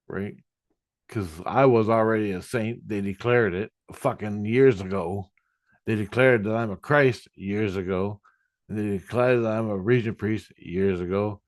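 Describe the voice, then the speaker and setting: A man's voice: on the low side, fairly even intonation, measured pace, no echo, clean studio sound. A man telling a spiritual experience in a casual monologue, in an agitated and profane way. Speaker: vlogger.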